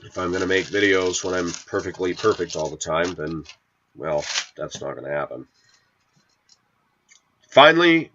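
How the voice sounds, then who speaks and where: Middle-aged man vlogger with a cold, lower voice, bright and forceful, preachy and combative, dull lo-fi audio. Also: expressive, moderate pace, pauses often, a little hiss or hum. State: sniffly with a cold. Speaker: video channel host. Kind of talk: ranting to camera. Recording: dull lo-fi sound.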